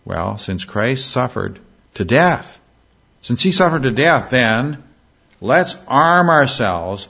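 Low-voiced man preaching a sermon. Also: creaky, a bit bright. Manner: emphatic, repeats and restarts phrases, reads scripture slowly. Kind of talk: expository sermon. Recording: dull lo-fi sermon recording.

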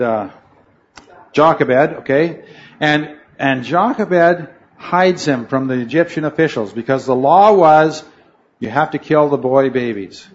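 Guy teaching bible study to a class, kinda high voice, restarts his sentences a lot, muffled lo-fi sound. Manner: rambling, self-correcting, asks the class questions. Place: room with a noisy fan.

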